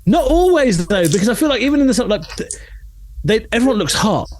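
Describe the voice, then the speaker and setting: A comedian co-hosting a podcast over a video call, animated and joking, swearing freely. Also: male voice, sits high, fast talker, a loud crowd. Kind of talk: casual chat. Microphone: remote video call.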